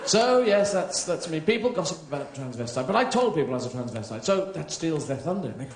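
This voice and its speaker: British comic in his 30s rambling surreal bits on a theatre stage, sweary, roomy hall, crowd laughing loud. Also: on the high side, very animated, fast, few pauses, background noise. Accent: British English. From Britain. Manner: rambling surreal storytelling, swearing, slipping into silly voices. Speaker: stand-up comedian. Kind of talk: live stand-up comedy. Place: theatre stage before a live audience.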